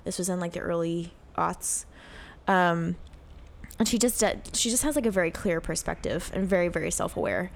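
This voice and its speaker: A woman's voice: fairly low pitch, lively intonation, moderate pace, vocal fry. Chatty woman podcast co-host. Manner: chatty, gushing, many ums and likes. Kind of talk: casual chat.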